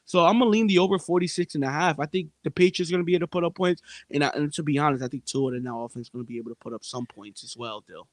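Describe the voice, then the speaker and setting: A man's voice: a little high, racing, hardly any pauses, dry recording. A man co-hosting a sports betting podcast, talking emphatically and repeating himself as he makes his case to listeners. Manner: emphatic, repetitive, addresses listeners as "people". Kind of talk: casual sports betting chat.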